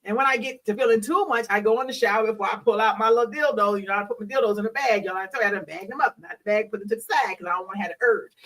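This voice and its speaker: A woman's voice: mid-range voice, rapid-fire, hardly any pauses, fairly bright tone, distant mic, poor audio. Frank middle-aged woman, a bit off-mic. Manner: frank and bawdy, preachy, laughs often. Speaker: host; hospital worker. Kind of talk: candid solo talk.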